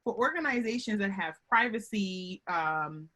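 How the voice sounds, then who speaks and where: A woman giving a lively, chatty webinar talk over a video call from home, often calling her audience y'all. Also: medium pitch, unhurried. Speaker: guest speaker on workplace relationships.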